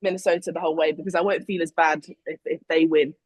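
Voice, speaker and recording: A woman's voice: low-pitched, steady tone, quick pace, darkish tone, breathy edge, no room sound, low-quality recording. A young woman, co-hosting a casual sports podcast and telling stories with lots of fillers and apologies. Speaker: podcast co-host and flag football player. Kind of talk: casual chat.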